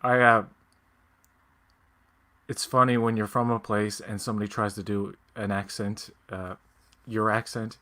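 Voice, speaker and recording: Low bright-voiced man chatting casually. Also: measured pace, pauses often. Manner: relaxed, rambling, joking asides. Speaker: podcast co-host. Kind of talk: casual chat.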